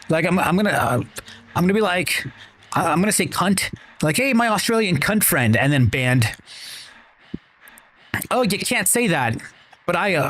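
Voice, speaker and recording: A man streaming a video game, chatting casually with his viewers, rambling and swearing freely. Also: medium pitch. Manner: rambling, profane, talks to chat. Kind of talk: casual chat while gaming.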